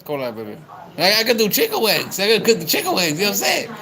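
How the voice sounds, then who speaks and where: A man's voice: high voice, huge pitch swings, fast, a crowd in the background, low-quality recording. A young man livestreaming, chatting loosely with viewers, calling them by name, rambling and swearing a lot. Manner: rowdy, repetitive, swears a lot.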